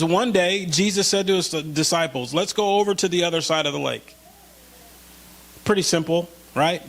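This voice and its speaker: High-voiced man preaching conversationally. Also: fairly bright tone. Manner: conversational, slows for scripture, rises when pleading. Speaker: pastor. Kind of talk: sermon. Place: church.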